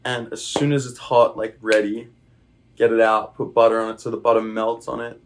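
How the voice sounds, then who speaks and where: A young man with an Australian accent chatting casually as a podcast guest, relaxed and rambling with plenty of fillers. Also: lowish voice, moderate pace, slight background noise. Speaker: guest, baseball player. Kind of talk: casual interview chat. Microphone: podcast microphone.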